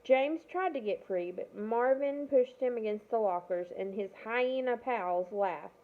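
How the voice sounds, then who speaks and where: This reader has a fairly high voice and keeps a measured pace as she reads from a children's novel. The sound is tinny, like a phone, and she occasionally trips over words and fixes them.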